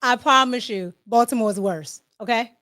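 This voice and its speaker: A talkative woman from D.C. hosts a livestream and talks straight to her viewers with casual commentary. Her voice sits a little high. The sound is close and dry, with no room around it. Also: normal speed, sharp tone, dry recording. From Washington, D.C. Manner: chatty, repeats "okay?" to the viewers. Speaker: livestream host.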